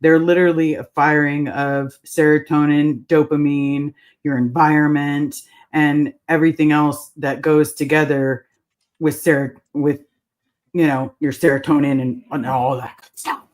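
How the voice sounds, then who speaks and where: A woman's voice: low voice, little pitch movement, unhurried, a little mellow. A woman guest in a casual chat, explaining things step by step.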